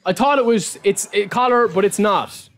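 A man with an Irish accent giving live-streamed gaming commentary, excitable and repeating phrases while he talks to his viewers as lads. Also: sits high, moderate pace. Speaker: gaming YouTuber opening card packs.

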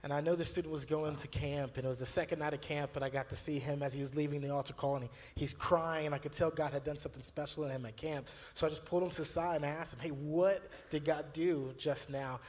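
A man's voice: on the high side, fairly even intonation, quick pace, hardly any pauses, darkish tone, long reverb tail. A man, a youth pastor, talking earnestly and telling stories with many fillers and restarts. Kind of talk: church video conversation.

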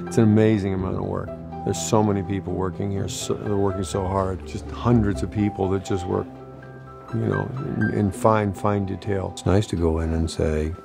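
A man's voice: lowish voice, gravelly. A man who voices a character, chatting casually and dryly joking on an animation set. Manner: dry, joking. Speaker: voice actor. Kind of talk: casual behind-the-scenes chat.

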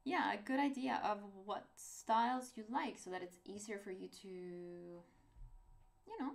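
A woman's voice: medium pitch, unhurried, creaky. A young woman from Norway with a Norwegian accent, chatting casually and hesitantly about her art in a vlog, self-deprecating and rambling. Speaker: artist vlogger.

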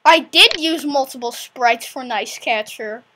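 A female channel host chatting casually while building a small game, quick to shriek when something works or goes wrong. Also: high voice, noisy background. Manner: excitable, shrieks when things go right or wrong.

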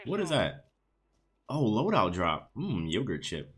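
A man's voice: lowish voice, huge pitch swings, unhurried, breathy edge. Guy streaming a shooter game, cussing and laughing, voice jumps up and down a lot. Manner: profane, laughing often. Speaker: gaming streamer. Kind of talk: casual gameplay commentary.

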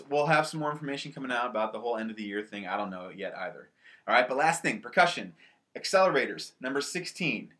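A man's voice: medium pitch, fairly bright tone. A man teaching a band lesson from home, explaining the music in an upbeat way and counting aloud to the players. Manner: upbeat, counting aloud and calling out over drums. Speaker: school band director.

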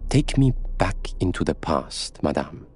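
A man's voice: deep voice, sing-song, unhurried, a little mellow, slightly rough, heavily acted. A man voicing a grave, dry older detective who questions carefully.

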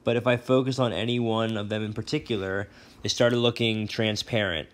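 A male teacher reads a novel chapter aloud in a relaxed way, with brief asides and self-corrections. His voice is fairly low-pitched and his pace brisk.

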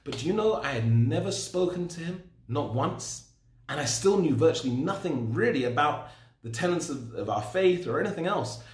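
A man's voice: on the high side, expressive, moderate pace. A man in his forties giving a personal testimony in a storytelling, self-deprecating way. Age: 40s. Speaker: speaker sharing his story. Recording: roomy echo.

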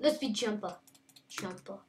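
A woman giving casual, playful game commentary, excitable and taunting. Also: medium pitch, a little slow, distant mic. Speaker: gameplay commentator.

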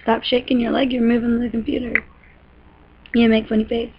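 A woman's voice: fairly high pitch, flat delivery, a little fast, a little hiss or hum. A woman chatting casually in a home vlog, recorded on a laptop webcam at night and slipping into baby talk with her dog. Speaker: mother and vlogger. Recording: dull lo-fi webcam audio with music behind.

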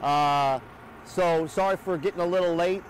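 Upbeat male host, slightly high voice, chatty live walkthrough outside, faint traffic behind. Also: normal speed. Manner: upbeat, chatty, many uh fillers. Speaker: host of a sales livestream. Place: outdoors by a motorhome near a highway.

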